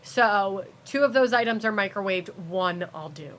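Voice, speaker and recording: A woman's voice: medium pitch, expressive, moderate pace, fairly bright tone, a little hiss or hum. A young American woman, a TV meteorologist, chatting as a guest in a casual interview, rambling with many restarts and fillers. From United States.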